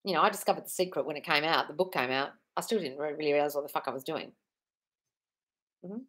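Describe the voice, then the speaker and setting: A woman's voice: sits low, quick pace, fairly bright tone, slightly rough. A woman in her forties, a manifestation coach answering viewer comments on a live stream, blunt and profane, calling everyone darling. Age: 40s. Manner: blunt, swears freely, calls listeners darling.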